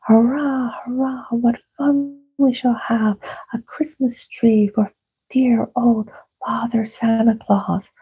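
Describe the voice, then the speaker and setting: A woman's voice: medium pitch, moderate pace, creaky, few pauses, dark tone, slightly rough, muffled recording. A woman voicing a crowd of cheering little elves and fairies in a whispered role-play. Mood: cheerful. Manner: cheerful, exclaiming.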